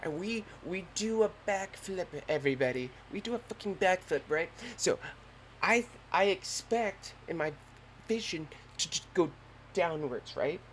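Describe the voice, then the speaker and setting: A young man hosting a podcast, telling a story in a lively, slangy and profane way. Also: sits high, measured pace, a little hiss or hum. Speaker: podcast host. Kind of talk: casual storytelling.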